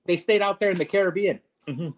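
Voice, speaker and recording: A man's voice: sits high, fast talker. A man hosting a casual, joking conversation and telling long jokes. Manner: joke-telling storyteller, playful teasing. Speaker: host.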